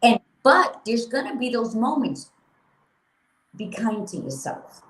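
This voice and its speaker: A woman co-hosting a casual motivational chat, blunt and animated, swearing freely. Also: fairly high pitch, takes it slowly, roomy sound, rough recording. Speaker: podcast co-host.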